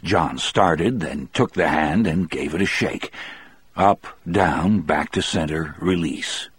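Male audiobook narrator, first-person novel: deep, husky, measured, dry close recording. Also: no echo.

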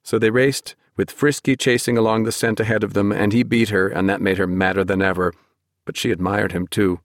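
A man narrating a storybook in a steady, measured way. His voice sits low, and the recording is dry and close, with no room around it. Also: no echo. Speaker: audiobook narrator. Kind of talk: scripted narration.

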